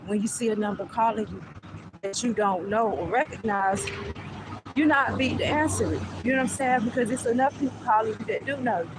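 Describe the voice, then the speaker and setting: A woman's voice: a little high, heavy background noise. A woman vlogger telling a casual storytime in a chatty way, often asking "you know what I'm saying".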